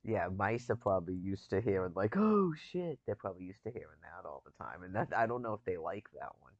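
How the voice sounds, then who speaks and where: A man's voice: low voice, fast talker, dry recording, highs cut off. A man in casual chat, rambling and chuckling as he talks, with loose, profane phrasing.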